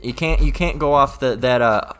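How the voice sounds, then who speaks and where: A man preaches in a loose, street-level way, swearing freely and checking in with "all right?" after each point. His voice sits at an ordinary middle pitch. Faint music plays in the background. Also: moderate pace, fairly bright tone, smooth. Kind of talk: informal preaching with scripture reading.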